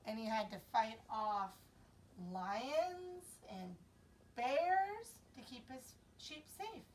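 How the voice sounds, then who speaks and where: A young woman with a fairly high voice tells a Bible story to children, taking her time and acting out voices and sound effects along the way. Her voice comes from some distance from the mic. A faint room noise sits under it. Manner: slow, expressive, acts out voices and sound effects. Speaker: children's Sabbath school teacher.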